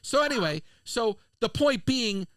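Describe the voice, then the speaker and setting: Male podcast co-host, an animated storyteller, bright tone, close dry sound. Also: extremely high pitch, no room sound. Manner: animated storyteller doing quick voices of people he met. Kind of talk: casual storytelling chat.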